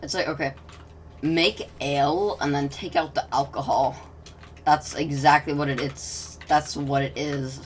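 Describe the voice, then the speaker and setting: A woman giving casual, rambling gameplay commentary, often interrupting herself and dropping into soft mutters. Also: low voice, fairly even intonation, a little slow, distant mic, slight background noise. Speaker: gaming commentator.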